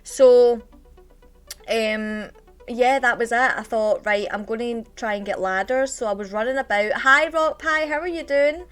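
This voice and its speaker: A woman's voice: on the high side, a little slow, fairly bright tone, smooth, faint music behind. A woman with a Scottish accent chatting on a live stream, telling a rambling story and greeting her chat viewers as she goes.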